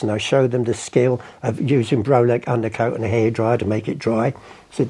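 An older Englishman, a guest who is an artist and storyteller, chats through anecdotes in an interview and acts out the voices of the people in his stories. His mid-range voice is dark and slightly rough, with fairly even intonation and a fast delivery.

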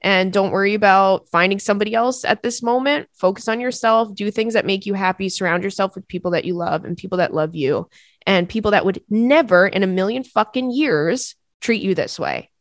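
A young woman hosts her podcast in a loose, chatty manner, swearing freely and wandering into asides. Her voice sits at an ordinary middle pitch, and the sound is dry and close with almost no room around it. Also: brisk, no room sound. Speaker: podcast host. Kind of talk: casual advice chat.

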